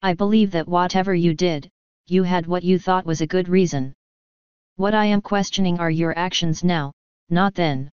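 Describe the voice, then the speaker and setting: A grave royal mare from a storybook, speaking in a slow, solemn, pleading way, as a woman reads her lines. The voice sits low and very smooth. The recording is dry and a little dull. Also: fairly even intonation, a little mellow, dry recording, lightly acted.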